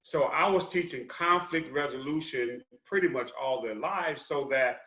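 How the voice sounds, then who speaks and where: A man on a discussion panel gives animated, casual talk and keeps tossing in "man". His voice sounds bright and sharp. It echoes around the room, and the sound is a bit dull. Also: mid-range voice, moderate pace. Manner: animated, dropping in "man" often.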